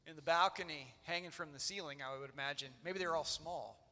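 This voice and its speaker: A man's voice: fairly high pitch, fairly quick, pushed and bright. A man in his thirties preaching a sermon in an old church, earnest and conversational with loose fillers. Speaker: pastor. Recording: long church-hall reverb.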